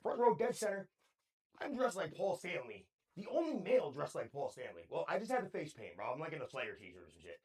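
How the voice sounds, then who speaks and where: Excitable high-voiced man. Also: brisk. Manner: excitable storyteller, heavy slang and swearing. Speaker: podcast co-host. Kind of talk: casual chat.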